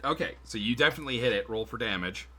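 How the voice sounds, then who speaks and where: Narrating a tabletop game on stream, this male game master talks fast in a medium-pitched, bright, forceful voice with a breathy edge. His manner is casual and full of swearing and frequent laughter.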